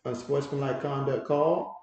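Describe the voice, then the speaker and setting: A man hosting a livestream, giving casual play-by-play commentary and reading viewer comments aloud with excitable reactions. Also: medium pitch, a little slow. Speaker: livestream host doing play-by-play. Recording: very echoey room.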